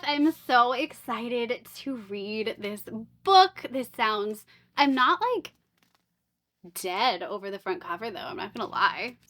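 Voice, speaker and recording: A woman chats through a book unboxing in a quick, wry way, tossing off sarcastic jokes between descriptions. Her voice sits a little high and sounds bright and crisp. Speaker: book vlogger. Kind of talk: casual unboxing chat.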